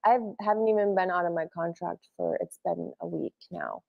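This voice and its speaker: A woman's voice: on the low side, normal speed, creaky, narrow, tinny audio. Candid woman in her thirties, emotional. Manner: open, emotional, uses "like" a lot. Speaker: interview guest, former wrestler. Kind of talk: candid interview conversation.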